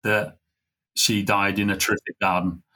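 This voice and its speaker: A middle-aged man, a podcast guest, telling a heartfelt story in an earnest, halting way. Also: lowish voice, level tone, sharp tone. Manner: earnest, halting, full of fillers and restarts. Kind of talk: conversational storytelling.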